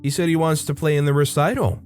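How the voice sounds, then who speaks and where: A dismissive mother pressing for her favored son, as a male narrator puts her on. The voice is lifted and quieter than his own, brushing off every answer. Mellow tone over a faint guitar. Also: a little high, fairly even intonation, quick pace, pitched above the performer's own voice, natural voice. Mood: pushy dismissive. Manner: brushing off, pushy.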